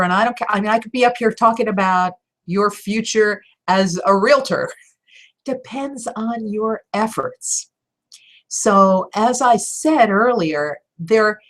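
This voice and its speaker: A woman voiceover coach answering viewer questions in a live Q&A, direct and encouraging, with emphatic stresses and quick laughs. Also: mid-range voice. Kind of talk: live Q&A teaching talk.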